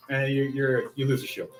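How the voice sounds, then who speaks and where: A man narrating as game master of a tabletop game, excitable, swearing and laughing often. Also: medium pitch.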